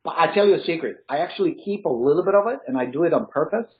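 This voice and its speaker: A man's voice: on the high side, animated, racing, phone-quality sound. A man who is not a native English speaker, with a slight foreign accent, talking as a real estate coach in a casual interview, emphatic and motivational. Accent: Eastern European. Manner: emphatic, motivational, laughs easily.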